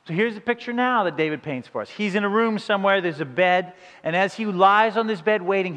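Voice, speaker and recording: A man preaching a sermon with dramatic delivery, dropping to hushed low passages and rising into emphatic questions. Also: expressive, moderate pace. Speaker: pastor. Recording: long hall reverb.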